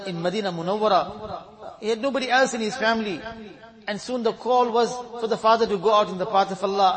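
A man preacher delivering a sermon that mixes story with exhortation, speaking emphatically and repeating phrases for weight. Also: very high voice. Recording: crowd audible behind.

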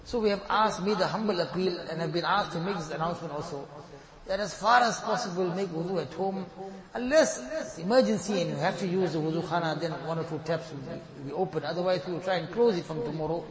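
A man with a high voice leads the congregation as imam, pleading fervently and repeating a refrain after each line. The sound rings through a reverberant mosque hall, with the gathered congregation audible behind him. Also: fast talker, a crowd in the background. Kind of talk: leading congregational supplication and announcements.

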